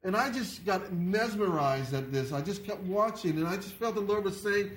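A man preaching a sermon in an earnest, halting way, often repeating his words. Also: sits high, animated, a little hiss or hum. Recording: echoey room.

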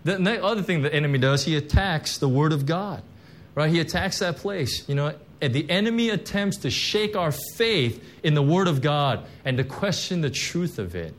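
A man's voice: a little high, lively intonation, normal speed. A man preaching a sermon, telling a personal testimony in a conversational, emotional way with many fillers and restarts. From Korean heritage, church background. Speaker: pastor.

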